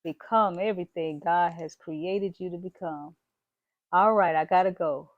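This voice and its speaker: In a lowish voice and a slightly slow pace, a woman vlogs a bold, preachy motivational talk to camera, calling out "y'all" and "baby." The audio is narrow and tinny, with no room sound.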